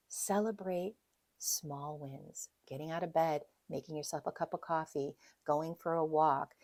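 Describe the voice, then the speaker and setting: A woman's voice: lowish voice, dry recording, studio quality. A middle-aged woman widowhood coach talking earnestly in a casual, conversational way, laying out numbered steps. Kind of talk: casual podcast talk, advice monologue.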